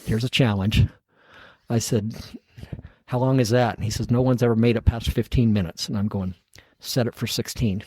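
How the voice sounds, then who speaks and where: Husky middle-aged man telling a story. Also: mid-range voice, moderate pace, no echo. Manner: animated storyteller acting out dialogue, chuckling at his own story. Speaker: podcast guest. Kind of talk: storytelling in a casual interview.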